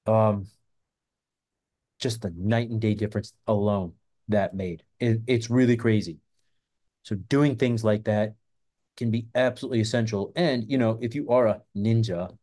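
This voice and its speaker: A man's voice: on the low side, warm tone. A man hosting a self-defense channel, talking in a rambling, casual monologue full of fillers and swearing. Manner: rambling, profane, filler-heavy.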